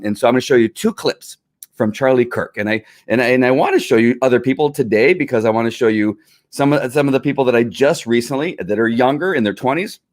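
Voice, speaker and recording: A man hosting livestream commentary, speaking at an ordinary pitch for a man. He talks earnestly but haltingly, breaking off and restarting his sentences as he goes. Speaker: host and police officer.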